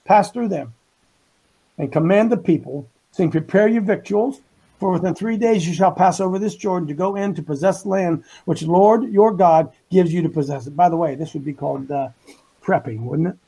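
Raspy high-pitched folksy preacher man. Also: normal speed, dark tone, poor audio. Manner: folksy, emphatic, paraphrases scripture in slang. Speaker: Bible teacher on a talk show. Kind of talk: folksy preaching Bible study.

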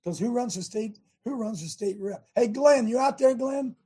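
A man's voice: extremely high pitch, lively intonation, normal speed, dark tone, breathy edge. An older American man hosting a talk show, rallying listeners in a rambling, preachy monologue with many restarts.

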